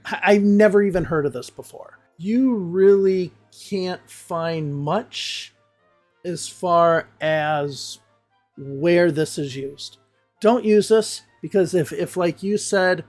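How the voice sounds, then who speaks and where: A woman's voice: lowish voice, measured pace, darkish tone, faint music behind. Blunt, exasperated woman teacher. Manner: blunt, exasperated, swears freely. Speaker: English teacher. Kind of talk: casual reaction commentary.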